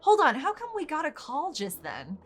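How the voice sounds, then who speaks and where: A woman's voice: high voice, huge pitch swings, moderate pace, soft background music. A woman hosting casual gameplay commentary, exasperated, swearing freely and laughing often. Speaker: gaming channel host.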